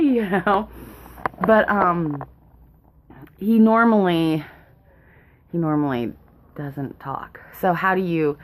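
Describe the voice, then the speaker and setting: Rambling low-voiced nervous mom. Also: female voice. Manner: rambling, nervous, laughs often. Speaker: vlogger, mother. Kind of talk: casual rambling chat. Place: home, indoors.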